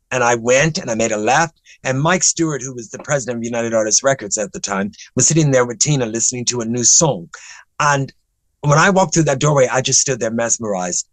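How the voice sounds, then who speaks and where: A man's voice: mid-range voice, animated, normal speed, no echo, low-quality recording. A man in his seventies, a guest in an interview, telling long anecdotes in a chatty, rambling way full of restarts. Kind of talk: animated anecdotal storytelling.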